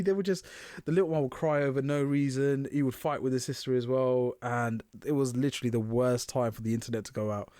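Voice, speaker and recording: Male co-host, mid pitch, dry close mic, sweary storyteller with animated quotes. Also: fast, no echo. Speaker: podcast co-host. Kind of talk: casual chat.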